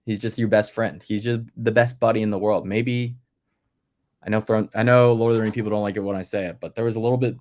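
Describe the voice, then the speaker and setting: A man in casual movie-podcast chat, enthusiastic and quick to laugh. His voice sits fairly low, and he often stalls on fillers before getting his point out. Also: fairly even intonation, a little mellow. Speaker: podcast co-host.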